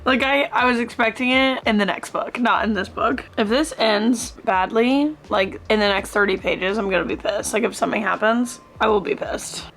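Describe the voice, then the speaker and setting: Young female book vlogger, raw and expressive, somewhat high voice, casual, camera close by. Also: moderate pace, hardly any pauses. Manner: expressive, swears and laughs often. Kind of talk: casual reading vlog.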